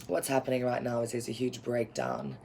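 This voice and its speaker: Woman tarot reader, earnest and rambling, gravelly fry, faint hiss behind. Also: rumbling low, big pitch swings, fairly quick, mellow, low-quality recording. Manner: rambling, earnest, lots of fillers. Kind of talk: spiritual tarot reading to camera.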